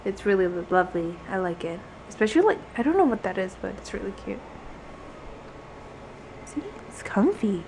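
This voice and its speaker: A woman's voice: mid-range voice, big pitch swings, normal speed, pauses often, a little mellow, a little hiss or hum. A young woman giving a friend's apartment a playful, rambling tour while chatting casually indoors. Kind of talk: casual chat.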